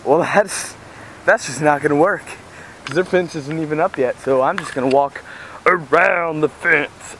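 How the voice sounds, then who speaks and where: A goofy young man with a high voice rambles and jokes as he walks along a busy road with a handheld camera. Traffic noise comes through clearly on the camera's built-in mic. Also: measured pace, rough recording. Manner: goofy, rambling, yelling at passing cars. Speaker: vlogger. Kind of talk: joking walk-and-talk vlog. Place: outdoors beside a busy road. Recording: outdoor camera audio with loud traffic. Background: passing traffic.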